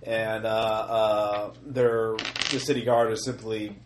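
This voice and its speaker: A man running a tabletop role-playing game as dungeon master, narrating a battle scene with many halting fillers. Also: lowish voice, flat delivery. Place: room around a gaming table. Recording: echoey room, faint noise.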